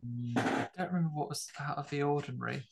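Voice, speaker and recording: A man's voice: fairly high pitch, fast talker, vocal fry, a little hiss or hum. A man co-hosting a podcast, chatting casually about a film with jokey asides. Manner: laughs often, jokey asides. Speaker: podcast co-host. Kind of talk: casual film-review chat.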